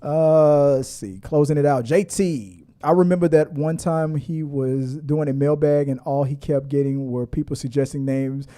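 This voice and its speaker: A man's voice: on the high side, fairly even intonation, normal speed, few pauses, mellow. A middle-aged man hosting a casual movie news livestream, rambling and laughing as he reads out viewer comments. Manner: rambling, chatty, laughs a lot, with frequent restarts.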